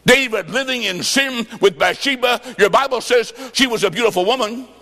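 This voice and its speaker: A male preacher delivers a sermon with a high, gravelly voice, telling stories and voicing both sides of a conversation. He jokes and punches key words, swinging from loud to soft. His voice rings with a long reverb through a large church hall. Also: moderate pace. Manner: jokey, emphatic, swings between loud and soft.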